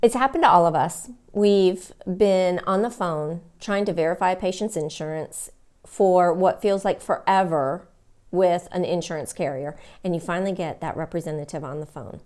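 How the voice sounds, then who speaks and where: A woman's voice: fairly low pitch, moderate pace, darkish tone. A woman giving an instructional talk as a dental front office trainer, speaking expressively and acting out phone greetings as examples.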